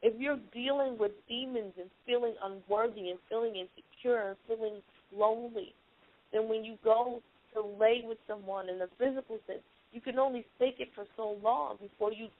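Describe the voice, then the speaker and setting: A woman's voice: a little high, fairly even intonation, normal speed. Young woman running a motivational call, earnest and emphatic, repeats herself, sounds like she's on a tinny phone. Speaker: teleconference host, life coach. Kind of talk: motivational talk on a conference call.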